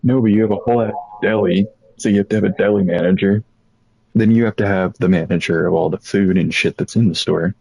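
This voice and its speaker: A young man casually telling a rambling, profane story about old jobs, animated as he quotes people. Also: sits low, fast talker, vocal fry, breathy edge, no echo, rough recording.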